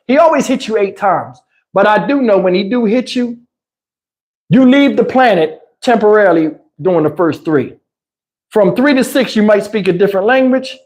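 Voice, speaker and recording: A man hosting a livestream, telling a story in an animated, profane, casual way and laughing along. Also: high voice. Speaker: channel host.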